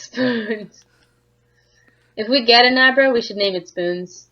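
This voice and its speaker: A woman's voice: fairly high pitch, brisk, pushed and bright. A woman bantering playfully with a friend while playing a video game, on a dull lo-fi mic. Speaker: co-host of a game playthrough. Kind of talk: casual gaming commentary.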